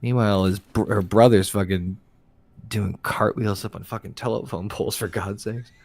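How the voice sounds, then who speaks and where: A man's voice: on the low side, fairly even intonation, moderate pace, vocal fry, a little mellow. A man telling family stories in casual chat, swearing often and restarting his sentences. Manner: profane, rambling, self-interrupting.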